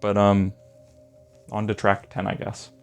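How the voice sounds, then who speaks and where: A man's voice: fairly low pitch, completely flat delivery, unhurried, creaky, soft background music. A young man rambling enthusiastically through a casual album review, full of filler words. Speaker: music reviewer.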